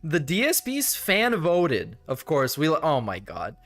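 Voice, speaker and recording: A man's voice: on the high side, huge pitch swings, unhurried, a bit bright. A young adult man giving casual, sarcastic reaction commentary, laughing and cursing as he goes. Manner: sarcastic, laughing, profane asides. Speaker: reaction streamer.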